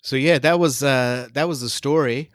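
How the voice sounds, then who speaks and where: A man's voice: medium pitch, normal speed, dry recording, studio quality. A man co-hosting a podcast in casual chat, rambling with restarts. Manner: rambling, many restarts and fillers. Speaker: podcast co-host.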